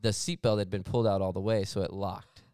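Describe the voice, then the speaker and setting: A man's voice: fairly low pitch, fairly even intonation, fast talker, warm tone, smooth, dry recording, clean studio sound. A young man, a podcast co-host, telling a rambling, self-deprecating story in casual chat and laughing often.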